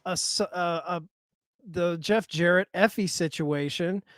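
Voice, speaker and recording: A man's voice: high voice, a little slow, fairly bright tone, no echo, studio quality. A man hosting a wrestling podcast, enthusiastic and chatty. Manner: enthusiastic, laughing along. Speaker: podcast host. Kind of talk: casual podcast chat.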